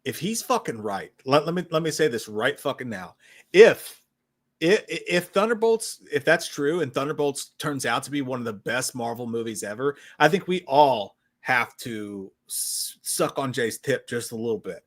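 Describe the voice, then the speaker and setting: A man's voice: medium pitch, lively intonation. A man co-hosting a casual livestream, riffing enthusiastically about music and movies with lots of swearing. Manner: enthusiastic, profane, fast riffing. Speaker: podcast co-host.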